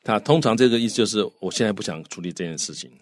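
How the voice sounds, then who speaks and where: Low-voiced male co-host, chatty explainer, dry studio sound. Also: expressive, rapid-fire, no room sound. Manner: chatty, with filler particles. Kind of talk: bilingual language lesson.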